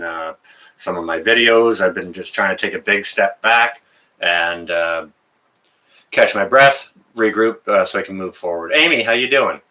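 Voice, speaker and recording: A man's voice: on the low side, bright, forceful tone. A Canadian man hosting a casual livestream, greeting viewers in the chat by name and chatting with plenty of fillers. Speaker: livestream host.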